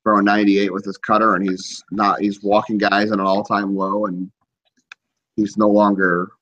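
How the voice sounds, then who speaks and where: A man co-hosting a podcast in casual sports chat, measured and analytical with dry reactions. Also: lowish voice, little pitch movement, a bit bright. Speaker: podcast co-host. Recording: dull lo-fi line.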